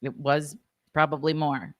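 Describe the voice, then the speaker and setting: A woman's voice: low-pitched, flat delivery, unhurried, a bit bright, no room sound, studio quality. A woman co-hosting a podcast in casual chat, self-deprecating and acting out quoted voices as she tells stories. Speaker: podcast co-host.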